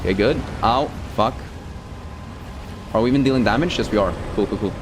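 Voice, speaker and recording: A man's voice: lowish voice, a little fast, pauses often, noisy background. A young man streaming a game, chatting casually, joking and swearing while he reads chat aloud.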